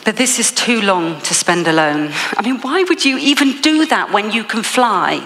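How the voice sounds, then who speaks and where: A woman's voice: medium pitch, very animated, moderate pace, big-room sound, background noise. A woman with an English accent giving a motivational keynote speech, telling a story with frequent laughs. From England. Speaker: motivational speaker.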